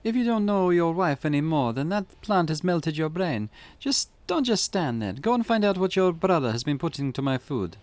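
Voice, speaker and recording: A fretful young village wife with a heavy Eastern European accent, as a man puts her on, her voice pushed well above his own and pleading. The pitch swings widely, and the delivery is a little louder than his usual talk. She scolds and insists like someone at the end of her rope in a retro mystery game. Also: big pitch swings, normal speed, hardly any pauses, no room sound. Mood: scolding. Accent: put-on Eastern European. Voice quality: high pleading put-on voice.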